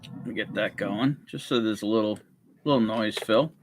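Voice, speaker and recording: A man hosting a casual whiskey livestream, greeting viewers with jokey, upbeat shout-outs. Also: fairly low pitch, normal speed, a little hiss or hum. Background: faint background music.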